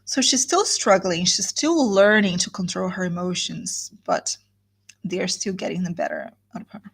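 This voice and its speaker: A woman's voice: on the low side, very animated, normal speed, husky. A woman teaching literature, reading a novel aloud and stopping for explanatory asides. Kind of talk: live guided reading with commentary.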